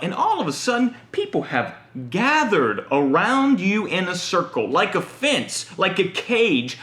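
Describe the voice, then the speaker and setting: A man hosting a web series, telling a comic monologue in an animated, exaggerated way. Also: a little high, echoey room. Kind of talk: comedic monologue.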